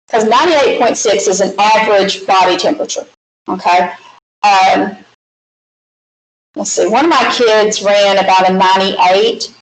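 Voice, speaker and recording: A woman with a Southern US accent teaching a math lecture, walking through problems step by step with chatty, folksy asides. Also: mid-range voice. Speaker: math instructor. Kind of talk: recorded classroom lecture. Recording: echoey classroom with faint hiss.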